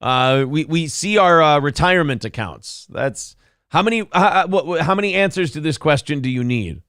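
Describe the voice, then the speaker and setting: A man's voice: a little high, lively intonation, moderate pace, a bit bright, clean tone, no echo, studio quality. A man co-hosting a morning talk show, giving sarcastic political commentary in a mocking tone. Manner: mocking, sarcastic, laughs often. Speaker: co-host.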